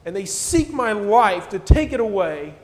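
A man's voice: high-pitched, very animated, measured pace, darkish tone, long reverb tail, pitched above the performer's own voice. A man reading the prophet Elijah's complaint in a whining, toddler-like voice during a sermon. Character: Elijah as a whiny, self-pitying grown man.

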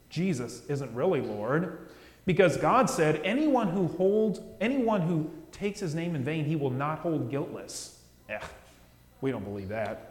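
A pastor, a man with a somewhat high voice, delivers a sermon in an earnest, direct way and falls quiet and hushed for key words. The sound carries the roomy echo and long reverb of a church sanctuary. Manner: earnest, direct preaching that drops to soft hushed phrases.

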